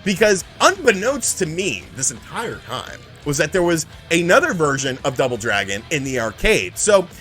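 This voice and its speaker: A man casually telling a profane, animated story about retro video games, acting out the people in it. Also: fairly high pitch, moderate pace, few pauses, soft background music. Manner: profane, animated, acts out the people in his stories. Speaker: channel host.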